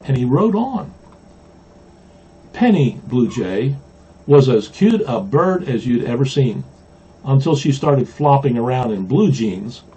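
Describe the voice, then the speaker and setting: A man from Mississippi, a pastor, reading a children's storybook aloud with gentle humor, in a dull lo-fi recording. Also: medium pitch, animated, a little slow, husky. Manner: gently humorous, chuckling at the jokes.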